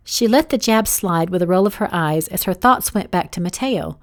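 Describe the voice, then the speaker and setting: A woman's voice: lowish voice, normal speed, few pauses. Woman narrating her own romance novel. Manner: steady reading, voicing each character. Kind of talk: audiobook narration.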